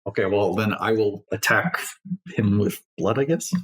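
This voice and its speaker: Man, tabletop player, lowish voice, dry teasing. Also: moderate pace. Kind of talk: casual tabletop play.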